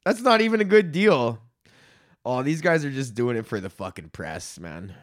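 A man's voice: mid-range voice, big pitch swings, normal speed. A man hosting his own podcast in a casual ranting monologue, swearing constantly, rambling and laughing often. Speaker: podcast host.

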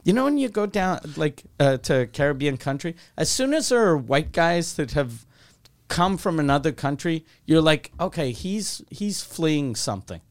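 A man from Quebec, co-hosting a casual podcast, who tells animated stories and swears freely. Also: on the high side, moderate pace. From Quebec, Canada. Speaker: podcast co-host.

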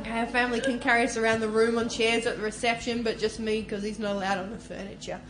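A woman performing a stand-up set. Her voice is slightly hoarse, and she delivers brash, absurd bits with crude punchlines. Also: a little high, flat delivery, fast talker, very noisy. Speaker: stand-up comedian. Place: comedy club stage. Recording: roomy club echo.

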